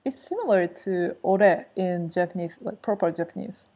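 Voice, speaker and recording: A woman's voice: fairly low pitch, normal speed, mellow. A woman giving a casual language lesson, explaining step by step and repeating key phrases. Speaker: language teacher.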